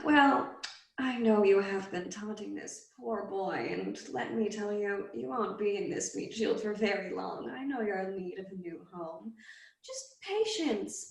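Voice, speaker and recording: A woman's voice: mid-range voice, very animated, gravelly, echoey room, pitched above the performer's own voice. A woman voicing a sly, winged female demon who teases and mocks in a tabletop game. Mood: teasing. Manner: teasing, mocking, drawn-out.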